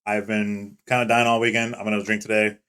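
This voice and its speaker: This young man's voice is fairly low and smooth, and he talks a little fast. Co-hosting a laid-back podcast, he tells stories laced with swearing and animatedly acts out what other people said.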